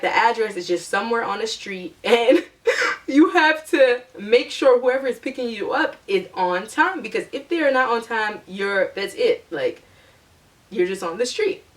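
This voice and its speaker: A young woman vlogger telling a storytime in a chatty, animated way, acting out her own past lines. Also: on the high side, measured pace, distant mic. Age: young adult. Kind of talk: storytime vlog.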